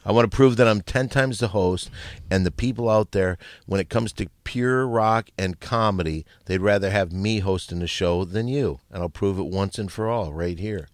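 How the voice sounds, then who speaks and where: A boastful, combative man hosting a comedy show, in sketch banter with sudden loud bursts. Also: on the low side, normal speed, dry recording, studio quality.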